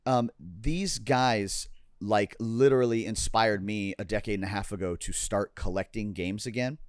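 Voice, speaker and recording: A man with a fairly low voice talks in an earnest, rambling way on a podcast, often circling back as he tells a story. His voice is recorded dry and close, with no room sound around it. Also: moderate pace, no room sound. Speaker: podcast co-host. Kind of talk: casual chat.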